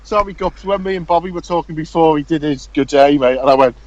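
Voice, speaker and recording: Easygoing podcast co-host. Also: male voice, a little high, quick pace, lo-fi sound. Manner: stumbling restarts, easygoing. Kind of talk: casual podcast chat.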